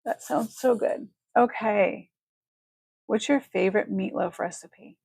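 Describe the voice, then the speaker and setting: A woman's voice: medium pitch, unhurried, creaky, breathy edge, dry recording, clean studio sound. Chatty woman hosting a livestream. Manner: chatty, effusive, thanks viewers warmly. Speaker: livestream jewelry seller. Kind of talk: casual live-stream chat.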